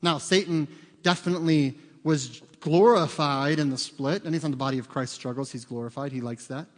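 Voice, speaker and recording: A man in his forties, a pastor preaching a sermon in a church, telling stories conversationally and getting loud and excited to make a point. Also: on the high side, fairly quick. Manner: conversational storytelling, rising loud and excited for emphasis. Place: church sanctuary. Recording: long hall reverb.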